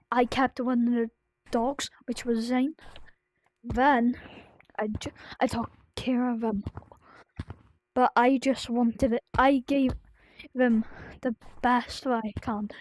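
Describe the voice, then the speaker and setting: A woman talking to her viewers in a personal vlog, grieving and close to tears, in a sad voice that halts, restarts and slips into soft whispers. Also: a little high, dry recording, low-quality recording. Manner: halting, full of restarts and fillers, drifting into soft whispers. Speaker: vlogger.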